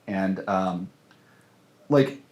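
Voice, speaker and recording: A man's voice: low voice, extremely slow, darkish tone. A man who is a film director, chatting casually in an interview in a rambling, hesitant way with many fillers and restarts. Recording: roomy echo.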